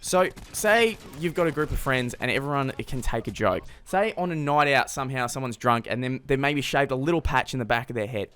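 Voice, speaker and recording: A man's voice: medium pitch, animated, a little fast, few pauses, fairly bright tone. A man giving a blunt, heated rant on his vlog, full of casual filler words. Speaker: YouTube commentator.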